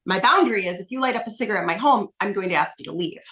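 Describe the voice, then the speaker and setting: A woman coach talking as a podcast guest in a mid-pitched, everyday voice. She explains her points emphatically, in a casual, conversational way. She keeps checking in with the listener, adding "right?" to nearly every point. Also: animated, rapid-fire, fairly bright tone.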